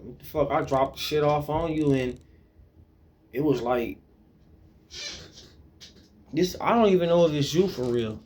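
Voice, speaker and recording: High-pitched man, confrontational profane monologue, repetitive challenging delivery. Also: animated, a little slow, pauses often, darkish tone. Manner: confrontational, repeats questions, heavy swearing.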